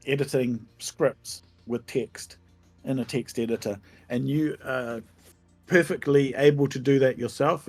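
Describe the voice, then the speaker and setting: A man, a game developer, answering interview questions in a thoughtful, easygoing way that is often hesitant. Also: mid-range voice.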